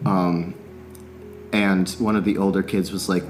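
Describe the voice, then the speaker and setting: A man's voice: deep voice, flat delivery, unhurried, soft background music. A man telling a long story in a casual podcast chat, swearing freely and laughing often. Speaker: podcast guest, musician.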